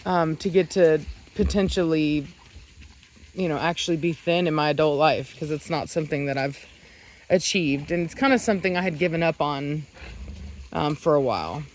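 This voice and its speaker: A woman vlogging casually in a rural yard, chatting to the camera and breaking off to shout sharp commands at her dogs. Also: low-pitched, moderate pace, a little hiss or hum. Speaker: dog breeder and vlogger. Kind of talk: casual vlog narration.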